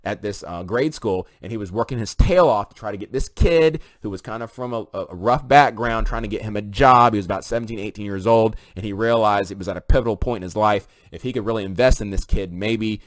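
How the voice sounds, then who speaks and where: A man's voice: on the low side, no echo. A man talking straight to viewers in an emphatic, preaching opinion monologue. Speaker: commentary video host.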